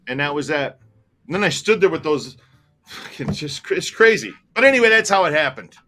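A man's voice: on the high side, very animated, a little fast, pushed and bright, slight background noise. A man telling a personal story in casual chat, candid and rambling, swearing freely and growing emotional. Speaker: tour operator telling a story.

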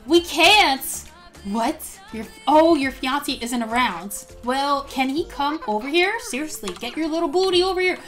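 A woman narrates her game with bubbly, gushing excitement, gasping and squealing at each moment. Her voice sits high and bright for a woman. Faint music plays underneath. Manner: bubbly and gushing, frequent gasps, quick quoted character asides. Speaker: gaming YouTuber narrating gameplay. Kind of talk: excited let's-play commentary.

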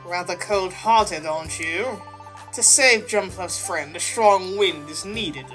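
A woman voicing a stern psychic creature who leads a famous rescue team, speaking slowly and firmly. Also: fairly low pitch, soft background music, pitched below the performer's own voice. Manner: slow, stern, commanding.

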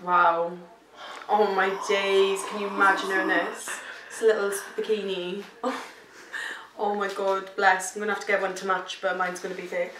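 A pregnant woman vlogging from home in a casual, gushing, excitable chat full of fillers. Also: mid-range voice, noisy background. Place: at home, indoors. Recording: echoey room, mic at a distance.

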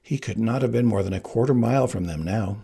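Man, audiobook reader, raspy, gravelly, animated delivery, low voice. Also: fast talker. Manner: expressive, animated storytelling. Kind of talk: audiobook narration.

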